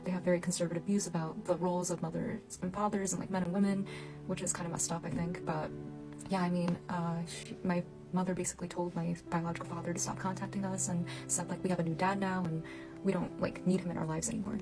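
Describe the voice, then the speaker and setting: A woman's voice: lowish voice, flat delivery, quick pace, music in the background, low-quality recording. A woman, recounting her own story casually and filling her talk with "like.". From Japan and the United States. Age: 20s. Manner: chatty, heavy use of "like" fillers. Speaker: reunion storyteller.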